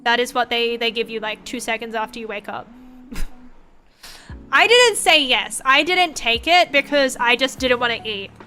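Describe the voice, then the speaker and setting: A woman's voice: fairly high pitch, moderate pace, soft background music. A young woman streaming, chatting casually and swearing a lot as she rambles through stories. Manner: sweary, rambling, animated storytelling. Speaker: vtuber streamer.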